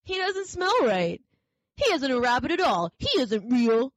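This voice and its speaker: A woman's voice: high-pitched, a little slow, dry recording, voice pushed up. Woman doing a mocking wild rabbit. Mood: scornful. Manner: lively, mocking, drawn out. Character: wild, teasing young male rabbit. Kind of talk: storybook reading. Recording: dry, slightly dull recording.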